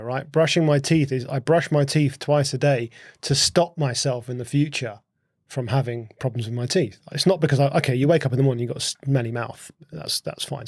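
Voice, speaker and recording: A man, a guest on a podcast, explaining things in a relaxed chat by asking rhetorical questions and often repeating words as he thinks. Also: mid-range voice, no echo, studio quality. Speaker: podcast guest, host's husband. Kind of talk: casual conversational explaining.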